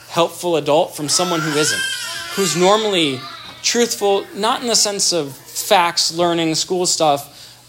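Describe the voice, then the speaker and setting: A man's voice: high voice, noisy background. A man giving an explanatory talk on child development, thoughtful, with restarts and everyday examples.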